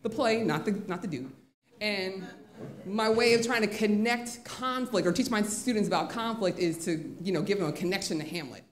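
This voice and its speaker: Woman, teacher, live stage storytelling, candid and lively, echoey venue. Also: medium pitch, normal speed. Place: live event in a museum venue.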